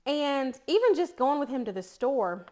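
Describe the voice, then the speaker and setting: A chatty middle-aged woman with a warm East Tennessee accent tells stories while cooking in a casual vlog. Her voice sits a bit high and she laughs easily between thoughts. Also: sing-song, normal speed. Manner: chatty storyteller, laughs often. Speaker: cooking vlogger.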